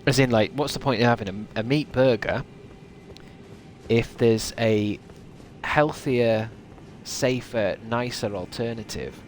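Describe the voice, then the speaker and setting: A man's voice: mid-range voice, a little slow, slight background noise. A man streaming a game, musing aloud in casual, rambling chat with many restarts.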